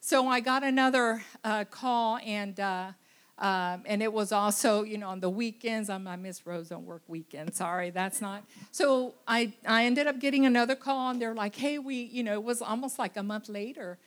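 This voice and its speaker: A woman giving a tearful, halting testimony in church, full of restarts and fillers. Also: medium pitch. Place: church sanctuary.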